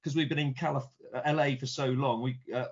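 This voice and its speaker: A man's voice: medium pitch, steady tone, a little fast, husky. Rambling British man telling anecdotes. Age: middle-aged. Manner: rambling, repeats words, mild swearing. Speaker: guest. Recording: dull lo-fi recording.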